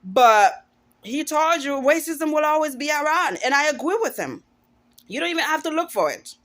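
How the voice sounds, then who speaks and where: A woman in her forties talking straight to camera in a casual vlog. Her voice sits a little high, and she speaks with emphatic, outspoken conviction. She often stops and restarts her sentences mid-thought. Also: big pitch swings, moderate pace, a bit bright. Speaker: vlogger. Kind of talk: casual opinion monologue to camera.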